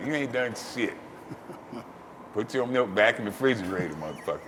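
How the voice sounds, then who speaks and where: A man hosting, telling a story casually, swearing freely and breaking into loud, animated outbursts. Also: mid-range voice, fairly quick, long reverb tail, slight background noise. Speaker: host.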